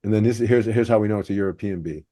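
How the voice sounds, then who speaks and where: Racing along in a fairly low, mellow voice, a podcast host breaks down the structure of jokes. His delivery in this podcast discussion is analytical.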